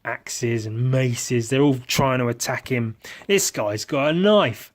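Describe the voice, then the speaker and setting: A man's voice: mid-range voice, takes it slowly. A man hosting a podcast, narrating playfully with lots of swearing and mouth-made sound effects. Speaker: podcast host and miniature painter.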